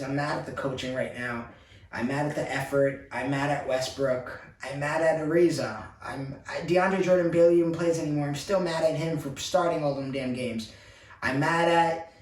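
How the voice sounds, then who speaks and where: An exasperated man rants as a frustrated basketball fan, piling up complaint after complaint. His voice sits a little high for a man. It comes from some distance off the mic, in a room with a roomy echo. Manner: exasperated, repetitive ranting.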